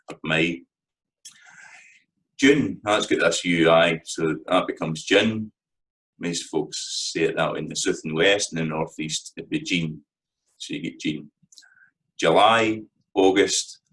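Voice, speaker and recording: A man with a Scottish accent giving a casual spoken lesson, chatty and thinking aloud with frequent pauses. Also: rumbling low, a bit bright, rough recording. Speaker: language teacher.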